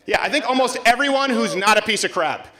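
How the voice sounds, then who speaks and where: Brash, high-pitched male comedy host. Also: animated, quick pace, pushed and bright. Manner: brash, sarcastic, slips into mocking put-on voices. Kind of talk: live comedic talk show monologue. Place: live show before a campus audience.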